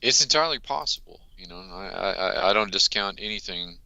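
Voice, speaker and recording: Casting: male researcher guest, very deep voice with a sharp edge, measured. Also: lively intonation, creaky, no echo, muffled recording. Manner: hesitant, many fillers, earnest and measured. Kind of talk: interview answers.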